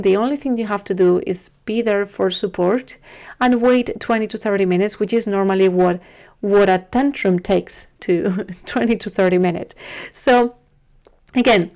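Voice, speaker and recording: A woman's voice: mid-range voice, normal speed. Earnest woman giving parenting advice. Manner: earnest, repeats herself, gentle pleading. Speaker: parenting video host. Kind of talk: casual advice talk to camera.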